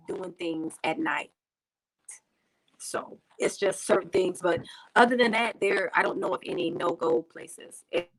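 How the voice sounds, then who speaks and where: A woman's voice: fairly low pitch, fairly bright tone, slightly rough, rough recording. A woman from the United States, a guest on a video call interview, talking casually and repeating herself, with lots of "you know". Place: home in Tanzania.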